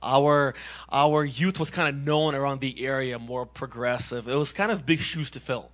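A man in his twenties from Massachusetts, sharing his personal testimony as a youth minister in an earnest, animated way, often restarting his sentences. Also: medium pitch, moderate pace. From Massachusetts, USA.

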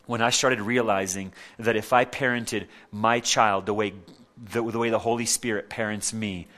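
A man's voice: on the low side, steady tone, moderate pace, a bit bright. A man preaching a sermon as a pastor, emphatic and repetitive, asking the crowd rhetorical questions.

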